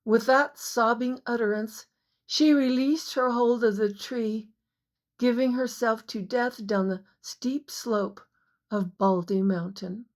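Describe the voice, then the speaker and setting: A woman reading her own novel aloud as audiobook narrator, in a measured storytelling manner. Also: fairly high pitch.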